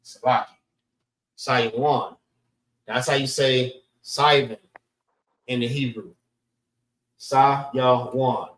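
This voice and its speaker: A man teaching a class in a slow, repeating way, often saying "all right" and sounding out words. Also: mid-range voice, steady tone, fairly bright tone. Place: class room in a library. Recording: roomy echo, voice from far off the mic.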